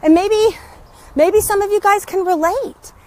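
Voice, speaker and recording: A woman's voice: very high-pitched, a little slow, darkish tone. A middle-aged woman and business coach talking in a chatty, upbeat motivational vlog, filmed on a phone outdoors in her neighborhood. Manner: chatty, upbeat, greets neighbors mid-talk.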